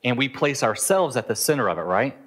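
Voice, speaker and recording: A man's voice: medium pitch, lively intonation, a little fast, a bit bright, breathy edge. A middle-aged man preaching a sermon in an earnest, conversational way, now and then acting out the inner voices of his listeners. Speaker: pastor. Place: Southeast Asia.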